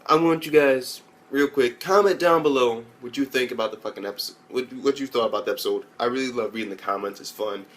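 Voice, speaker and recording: A man's voice: medium pitch, fast talker, few pauses. A young man giving a loose, rambling spoken recap as an anime reviewer, swearing often and mimicking characters in raised voices. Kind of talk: casual profane recap.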